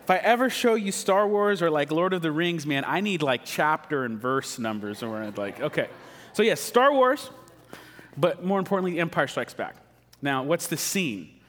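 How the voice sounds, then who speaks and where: A man gives a sermon in a casual, joking way, chatting with his listeners. His voice sits a bit high for a man, and a long reverb hangs on his words, as in a church sanctuary. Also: lively intonation, normal speed, fairly bright tone. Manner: casual, joking, conversational preaching. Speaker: pastor.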